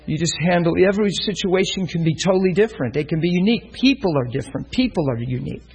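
A man's voice: sits high, expressive, quick pace, few pauses, a little mellow, breathy edge, poor audio. A man preaching a sermon, telling a story and acting out the voices of the people in it. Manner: storytelling, acts out voices in quotes.

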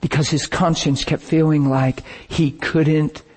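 A man preaching, telling a story in an animated, dramatic way that breaks at times into shouts and laughter. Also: on the high side, unhurried, husky. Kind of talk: sermon storytelling.

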